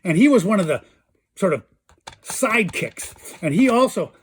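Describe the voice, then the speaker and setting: A man's voice: high voice, sing-song, moderate pace, a little hiss or hum. A man hosting a casual show-and-tell about old toys, chatty and enthusiastic. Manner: enthusiastic, chatty, imitates toy sounds. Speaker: toy collector host.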